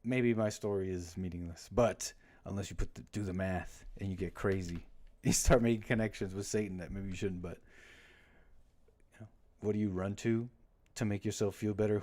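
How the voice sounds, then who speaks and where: A livestream host with a lowish, warm voice chats casually and rambles. He keeps cutting off his own stories to crack jokes.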